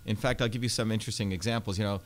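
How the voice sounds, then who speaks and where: Man, 50s, earnest, fluent, filler words, low pitch, studio interview. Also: steady tone, rapid-fire. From India. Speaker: Senate candidate, guest. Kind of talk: radio interview. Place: radio studio.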